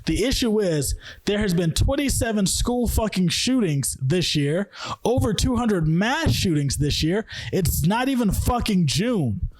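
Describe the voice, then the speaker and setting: A man's voice: high-pitched, sing-song, measured pace. Heated, profane man ranting. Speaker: podcast host. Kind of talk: angry news rant.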